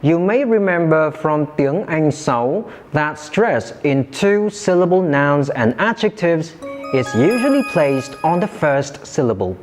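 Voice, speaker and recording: A man teaching English pronunciation in a scripted lesson, enunciating slowly and carefully and modelling words for listeners to repeat. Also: on the high side, sing-song, faint music behind.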